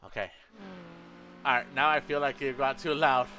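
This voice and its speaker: A man's voice: medium pitch, steady tone, moderate pace, slight background noise. Rambling man streaming, game engines behind. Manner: rambling, self-correcting, talks to his chat. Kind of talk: casual live-stream chat. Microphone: headset. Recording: racing game audio loud underneath. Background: racing game engine sounds.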